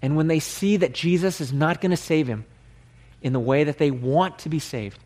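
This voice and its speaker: A man's voice: on the high side, normal speed, a little mellow. A male pastor preaching a sermon in an earnest, conversational way.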